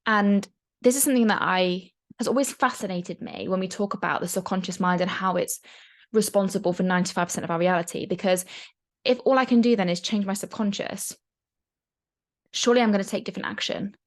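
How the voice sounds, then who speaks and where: A young woman coaching in a casual, chatty talk, frank and quick to swear. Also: medium pitch, steady tone. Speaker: mindset coach.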